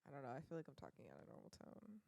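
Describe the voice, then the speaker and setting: A man's voice: medium pitch, huge pitch swings, racing, gravelly, darkish tone, no echo. A young man co-hosting a podcast in casual chat, dry and mildly exasperated. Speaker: podcast co-host.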